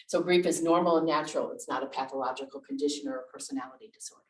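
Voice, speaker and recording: Very low-voiced chatty woman minister. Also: very fast. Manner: chatty, candid, frequent restarts and asides. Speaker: minister giving a lecture. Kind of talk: conversational lecture with personal stories. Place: church lecture room. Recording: echoey room, distant mic.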